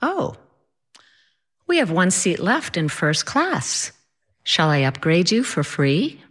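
A woman's voice: on the low side, big pitch swings, slow, a bit bright, slightly rough, heavily acted. A woman voicing a polite gate attendant who offers an upgrade in a sweet tone.

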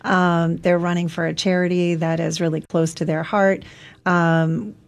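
A woman's voice: fairly low pitch, a little slow, creaky. A woman answering questions as a guest on a radio talk show, chatty and full of ums. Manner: relaxed, chatty with many ums. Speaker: executive director of the race, guest. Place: radio studio.

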